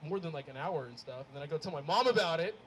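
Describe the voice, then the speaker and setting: A young man performs stand-up at a live comedy show. His voice sits high and swings widely in pitch as he tells his stories, often laughing at his own punchlines. The recording carries a clear layer of noise from the venue. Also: fast talker, rough recording. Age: young adult. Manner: animated storytelling, laughing at his own jokes.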